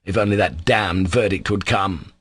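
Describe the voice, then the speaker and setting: A cold, irritable young man who spits out his words with contempt, as a male audiobook narrator puts him on. The voice sits noticeably higher than the reader's own low register. It is recorded dry and close. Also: normal speed, slightly rough, no echo. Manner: sharp, contemptuous, scornful delivery. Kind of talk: audiobook character voice.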